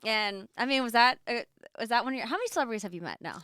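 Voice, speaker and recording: A bubbly woman hosts a casual studio podcast. Her voice is bright and crisp, with a lively, swooping pitch and a quick pace, close-miked in a dry room. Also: no echo. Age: 40s. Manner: bubbly, quick to laugh and exclaim. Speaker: podcast host. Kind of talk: casual chat.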